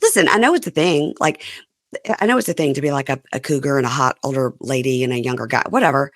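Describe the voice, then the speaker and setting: A woman in her fifties hosting a podcast, her voice hoarse and going out as she chats candidly about reality TV. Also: extremely low pitch, fast talker, dry recording, studio quality. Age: 50s. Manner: chatty and candid, animated asides. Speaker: podcast host. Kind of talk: casual reality TV recap chat.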